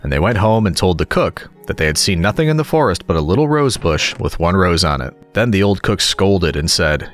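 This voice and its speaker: A man narrating fairy tales in a calm, relaxing storybook reading. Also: low-pitched, a little fast, hardly any pauses, soft background music. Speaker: audiobook narrator.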